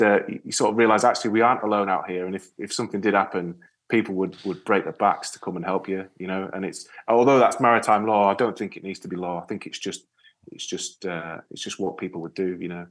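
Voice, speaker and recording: A man telling a story in a relaxed interview, rambling with many restarts and often trailing off quietly. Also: on the low side. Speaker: podcast guest, ocean rower. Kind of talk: casual interview chat.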